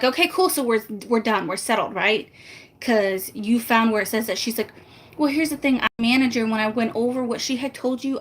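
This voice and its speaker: A woman's voice: fairly high pitch, fairly bright tone. A woman vlogger chatting casually to live viewers, animatedly retelling a frustrating phone dispute and acting out both sides of the calls. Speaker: family vlogger.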